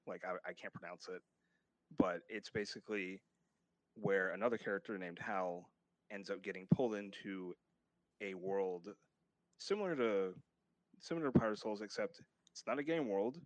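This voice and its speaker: A man's voice: lowish voice, moderate pace, no echo. A man, a guest author, talking casually in an interview, rambling a little with fillers and restarts.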